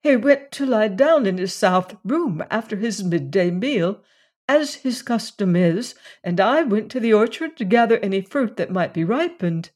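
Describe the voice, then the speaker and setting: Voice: medium pitch, unhurried, hardly any pauses, dark tone, natural voice. A narrator voicing a frightened, timid little foreign woman who speaks with a lisp and falters as she talks. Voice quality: lisping.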